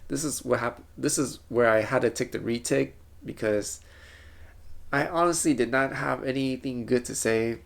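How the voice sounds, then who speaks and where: A man's voice: mid-range voice, normal speed, gravelly. A man telling a rambling, self-correcting story in a casual vlog. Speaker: vlogger.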